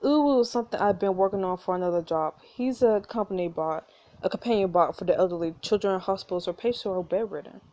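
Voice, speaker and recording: A calm inventor father explains things in a soothing, steady way, as a woman reads him out in a story game. His lines come out mellow and warm, sitting a touch lower than her narration. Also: fast talker, muffled recording, close to an everyday voice. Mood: explaining. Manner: soothing, reassuring, matter-of-fact.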